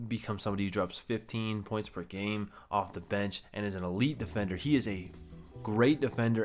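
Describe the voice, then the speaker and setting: A young man casually commenting on a basketball video game, chatty and rattling off stats as he corrects himself. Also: on the low side. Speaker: gaming YouTuber.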